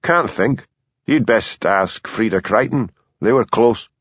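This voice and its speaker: A man voicing a blunt, bitter factory owner who answers questions gruffly in an audiobook. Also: on the low side, slow, dry recording, dull audio.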